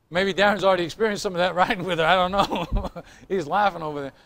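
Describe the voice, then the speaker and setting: High-voiced joking pastor preaching. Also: male voice, fast talker, creaky, a bit bright. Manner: chatty, joking, teasing the congregation. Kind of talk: sermon. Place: church. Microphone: recorded on tape in the room.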